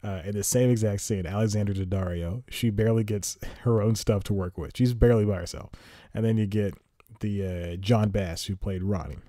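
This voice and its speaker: A man's voice: fairly low pitch, fairly even intonation, brisk, dark tone, no echo, studio quality. A man hosting a podcast, rambling through an exasperated solo movie review full of tangents and sighs. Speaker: podcast host.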